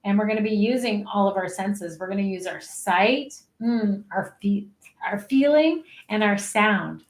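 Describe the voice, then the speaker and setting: A woman life coach leading an energetic online session, cheering people through spoken affirmations. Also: mid-range voice, a little slow, echoey room. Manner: upbeat, encouraging, leads chanted affirmations. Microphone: webcam.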